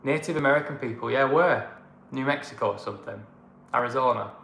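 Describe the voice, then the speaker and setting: A man's voice: medium pitch, fairly quick, creaky, a bit bright, echoey room. Blunt northern English man ranting. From northern England. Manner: blunt, ranting, fond of moaning. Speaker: co-host of a travel channel. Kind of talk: casual livestream chat.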